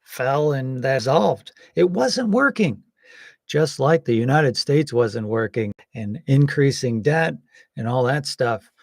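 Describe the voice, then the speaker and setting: A man giving casual, rambling political commentary, hesitant with many pauses and some wry jokes. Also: medium pitch, expressive, vocal fry, no echo, studio quality. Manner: wry and joking.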